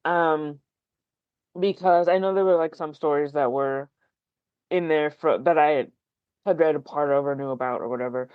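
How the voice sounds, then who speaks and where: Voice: mid-range voice, no echo, muffled recording. Candid, rambling podcast guest. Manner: self-deprecating. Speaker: podcast guest, fellow writer. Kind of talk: casual podcast conversation.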